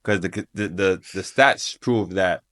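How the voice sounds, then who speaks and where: Deep voiced podcast guy, slow and measured, asks the questions. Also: bright, forceful tone. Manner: measured, searches for words, poses questions. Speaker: podcast co-host. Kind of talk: casual chat.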